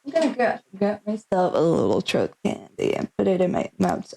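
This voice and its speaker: A young woman streaming a visual novel, reading the game text aloud and thinking out loud between lines in a chatty, speculative way. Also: mid-range voice, very animated, moderate pace, gravelly, hardly any pauses, poor audio.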